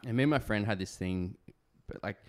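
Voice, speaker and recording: A man's voice: lowish voice, fairly quick. An Australian man in his thirties telling a rambling story in casual chat, laughing and swearing freely.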